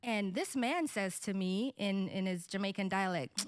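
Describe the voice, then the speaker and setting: A woman's voice: medium pitch, unhurried, no room sound, clean studio sound. A woman in her thirties telling a personal story in a candid, storytelling manner on a podcast. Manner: candid, storytelling, laughs lightly. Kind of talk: personal testimony in conversation.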